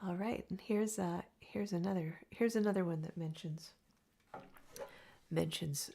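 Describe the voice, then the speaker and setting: A woman's voice: lowish voice, a little slow, vocal fry, warm tone, breathy edge. A young woman, a singer-songwriter hosting her weekly music show, chatting casually between songs in a rambling, storytelling way. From Canada. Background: her own acoustic guitar.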